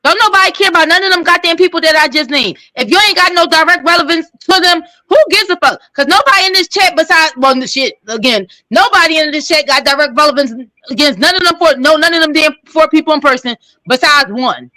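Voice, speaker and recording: Fast, bright-voiced woman host. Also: high voice, dry recording, poor audio. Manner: blunt, heated, swears freely. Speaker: livestream host. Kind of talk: casual live chat.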